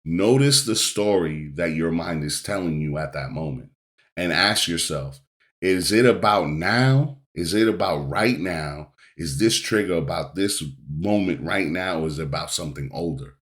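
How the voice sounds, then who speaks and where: Podcast host, male, middle-aged, very low voice, emphatic coaching monologue full of repetitions. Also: expressive, normal speed, a bit bright.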